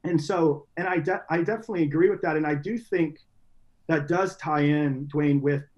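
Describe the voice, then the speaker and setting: Earnest, slightly high-voiced young man. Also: normal speed, darkish tone, muffled recording. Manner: earnest, rambling with restarts and "you know". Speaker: podcast guest. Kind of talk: reflective conversational interview.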